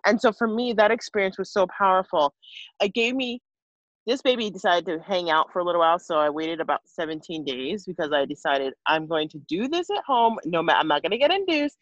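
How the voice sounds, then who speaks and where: Earnest low-voiced woman telling her story. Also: lively intonation, a little fast, no room sound, dull audio. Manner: earnest, emotional storytelling with many asides and restarts. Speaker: interview guest, mother of five. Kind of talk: personal story in conversation.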